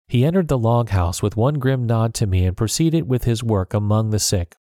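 A man narrating a storybook chapter in an even telling voice. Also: on the low side, moderate pace, no echo, studio quality. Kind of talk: audiobook narration.

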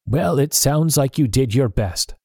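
A man voicing an excitable, commanding country gentleman in a storybook reading. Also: mid-range voice, measured pace, vocal fry, husky, no room sound, clean studio sound, voice pushed up, full character voice. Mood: eager. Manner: eager, commanding.

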